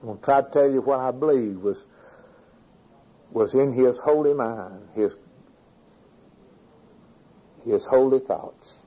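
A man's voice: mid-range voice, takes it slowly, long pauses, mellow, lo-fi sound. A man preaching a sermon, reading scripture aloud, commenting on it and putting questions to his congregation.

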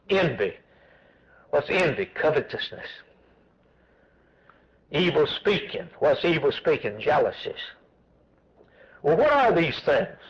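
A man's voice: on the high side, muffled recording. A man preaching a sermon with an emphatic, repetitive cadence, asking and then answering his own questions.

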